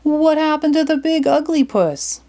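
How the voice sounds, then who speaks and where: A cowardly, food-loving teen boy from a cartoon storybook, put on by a woman reading aloud. He talks high and shaky, whimpering and squeaking up when scared, with lots of bounce in his voice. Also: lively intonation, unhurried, warm tone. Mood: panicked. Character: goofy cowardly teenage boy, always hungry.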